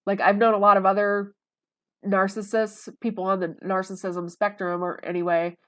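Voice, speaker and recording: Chatty woman vlogging in a mid-pitched voice. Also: level tone, normal speed. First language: English. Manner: rambling and conversational, with many fillers. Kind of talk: casual monologue to camera.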